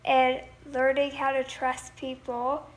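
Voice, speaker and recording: A woman's voice: high-pitched, monotone, slow. A young woman singer chatting casually on a livestream, thanking viewers and now and then singing lines from her song. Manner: chatty, reads viewer comments aloud and thanks them.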